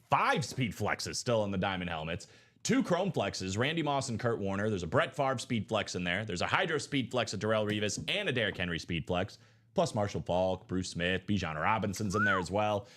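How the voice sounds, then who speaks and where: A man's voice: on the low side, sing-song, fairly bright tone. A man hosting a live sports card break stream, rattling off lists in hyped, chatty sales patter. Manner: rapid listing, hyped and chatty.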